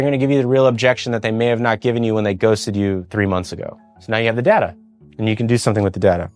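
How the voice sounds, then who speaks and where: A man's voice: lowish voice, steady tone, racing, a little mellow, no echo, faint music behind. A man leading a sales training talk, coaching in a conversational way and acting out sample call scripts. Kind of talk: sales training talk with role-play demos.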